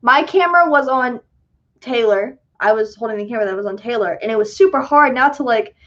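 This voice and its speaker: A young woman chatting on a livestream with a high, bright voice, answering viewer questions in a loose, self-deprecating way. The sound is dull and lo-fi. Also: brisk. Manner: chatty, self-deprecating, giggly, many fillers. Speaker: livestream host and filmmaker. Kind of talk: casual livestream Q&A chat.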